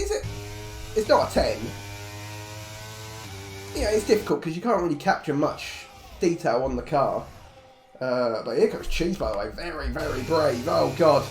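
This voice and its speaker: A man calls a live online race with a high-ish, bouncy voice, cracking jokes and swearing bluntly. His voice rings in a roomy space, with faint music playing underneath. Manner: jokey, blunt, swears freely. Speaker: race commentator. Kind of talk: live esports race commentary.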